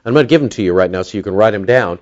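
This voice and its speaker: Man teaching scripture, slow stresses, lo-fi. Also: on the low side, animated, darkish tone. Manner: conversational, many fillers, slows to stress key words. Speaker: pastor teaching a Bible study. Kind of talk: expository sermon.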